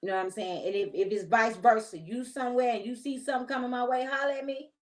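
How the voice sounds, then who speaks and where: A woman's voice: fairly high pitch, steady tone, quick pace, poor audio. A woman hosting a casual commentary vlog, talking straight to her viewers in a chatty, opinionated, slangy way. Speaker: host.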